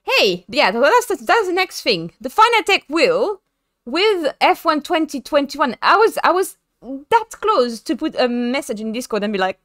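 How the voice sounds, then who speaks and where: A woman's voice: sits high, very animated, moderate pace, a bit bright, dry recording, clean studio sound. A young woman with a French accent chatting casually with her chat while sim racing, self-mocking and given to dramatic voiced asides. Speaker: streamer.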